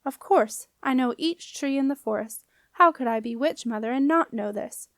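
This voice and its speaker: A woman voicing a wise, calm old witch mother who talks slowly and cryptically in a storybook reading. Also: high-pitched, dry recording, clean studio sound. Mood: solemn. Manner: slow, solemn, cryptic speech.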